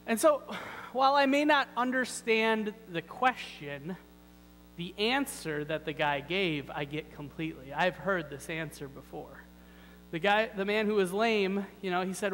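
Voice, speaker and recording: A man's voice: sits high, a little slow, a bit bright, in a large hall, a little hiss or hum, rough recording. A man preaching a sermon in a church, talking in a conversational, wry way with many rhetorical questions. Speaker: pastor. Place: church sanctuary.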